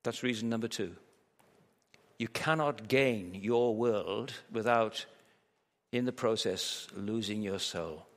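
A man's voice: lowish voice, slow pace. A man preaching a sermon at a church camp, telling a story vividly and pressing his points with emphatic rhetorical questions. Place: large hall at a church camp. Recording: long hall reverb.

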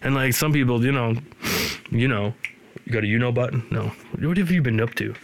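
A man's voice: mid-range voice, brisk. A man in his thirties or older hosting a podcast, rambling casually with sarcastic, joking asides. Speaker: podcast host. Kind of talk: casual chat.

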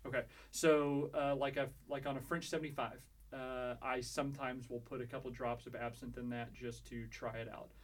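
Male podcast co-host, casual, mid-range voice, explains recipes step by step, halting with fillers. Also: medium pitch, flat delivery. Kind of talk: casual chat.

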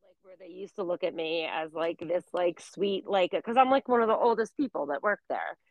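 A woman's voice: on the low side, moderate pace, darkish tone, no room sound, highs cut off. A woman in her forties telling a story in casual chat, full of fillers. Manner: chatty storytelling, many fillers. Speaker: guest.

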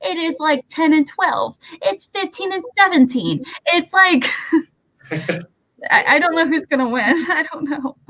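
Bright-voiced chatty woman host. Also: high voice, no room sound, low-quality recording. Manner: chatty, laughs often, swears casually. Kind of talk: casual live-stream chat.

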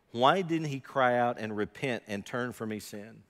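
A man preaching a sermon emphatically, firing rhetorical questions and swinging from quiet asides to loud, raised passages. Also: mid-range voice, animated, unhurried, hardly any pauses. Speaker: pastor. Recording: long hall reverb.

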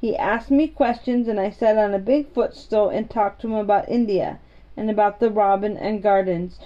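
A woman reading a storybook aloud, voicing a serious young girl in a low, earnest tone. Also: fairly even intonation, moderate pace, mellow, lo-fi sound, close to an everyday voice. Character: serious young girl, calm and matter-of-fact.

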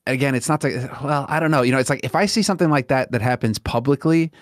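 A man's voice: medium pitch, fast talker, no room sound, clean studio sound. A man co-hosting an esports podcast, talking in an easygoing, rambling way. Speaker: podcast co-host. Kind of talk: casual podcast chat.

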